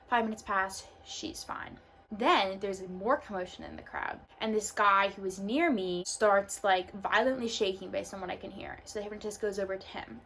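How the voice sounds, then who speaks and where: A young woman vlogger tells a personal story in a casual, filler-heavy way, packed with "like" and loose asides. Her voice sits in the mid range with a fairly bright tone, and faint background noise runs under the recording.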